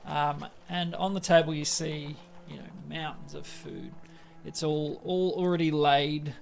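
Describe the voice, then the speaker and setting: A man's voice: on the high side, unhurried, gravelly, slight background noise. A man narrating as game master, hesitant with lots of fillers.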